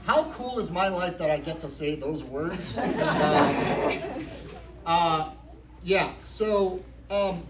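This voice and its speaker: Man, higher voice, unhurried, comic storytelling speech, echoey gym, distant mic, crowd. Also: lively intonation. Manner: anecdotal, comic timing, grows sincere. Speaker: black belt receiving promotion giving speech. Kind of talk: humorous acceptance speech, storytelling. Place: indoor jiu-jitsu academy. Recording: echoey room, far from mic, noisy crowd.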